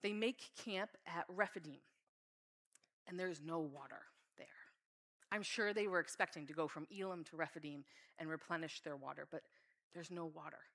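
A woman's voice: low-pitched, moderate pace, fairly bright tone. A woman preaching a sermon in an earnest, heartfelt way. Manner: earnest, reads scripture aloud with feeling.

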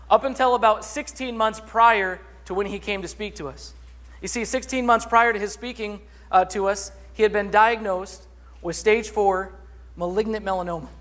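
A man's voice: sits high, a bit bright. A man preaching a sermon as a pastor, telling a story and acting out the voices in it. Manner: storytelling, acts out quoted voices.

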